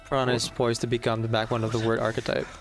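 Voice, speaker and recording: A man's voice: mid-range voice, monotone, fast. A young man talks casually to his stream audience, reading comments aloud and musing about a game. He sounds a little nervous but chatty, with faint music playing under his voice. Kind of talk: casual live-stream chat.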